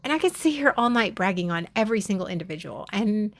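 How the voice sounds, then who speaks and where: A woman live streams with a medium-pitched voice, lively intonation and a quick pace. She talks candidly and from the heart with her viewers, confiding in them, swearing casually and often restarting her sentences.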